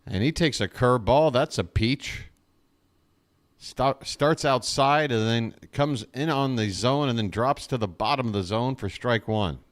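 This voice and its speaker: Exasperated fan calling a baseball game. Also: male voice, medium pitch, unhurried. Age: adult. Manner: exasperated, sarcastic, jokey asides. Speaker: fan play-by-play host. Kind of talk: live fan play-by-play commentary.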